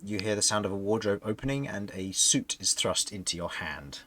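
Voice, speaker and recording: A man's voice: on the low side, a little fast, pushed and bright, slight background noise. A man narrating a tabletop game as game master, describing scenes and often laughing.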